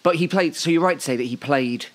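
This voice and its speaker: A man's voice: fairly high pitch, fast talker. A man co-hosting a football podcast in casual chat, making dry, wry remarks. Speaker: podcast co-host.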